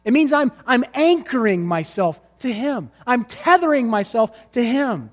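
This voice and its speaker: A man's voice: very high-pitched, very animated, unhurried, few pauses, in a large hall. A male pastor preaching a sermon to his congregation, telling a vivid story and driving his points home with emphatic repetition. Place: church sanctuary before a congregation.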